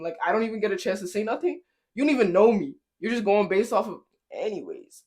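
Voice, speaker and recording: Animated young woman telling a story. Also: fast. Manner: animated, swearing, laughs often, voice jumps high when shocked. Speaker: podcast host. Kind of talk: casual storytime monologue.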